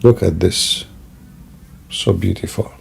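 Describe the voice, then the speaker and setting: A man's voice: low voice, slow, creaky, a little hiss or hum. A sleepy man talking to his live-stream audience at home at night, rambling, with broken grammar and many fillers. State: sleepy and yawning. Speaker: Christian apologist streamer. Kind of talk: casual live-stream monologue.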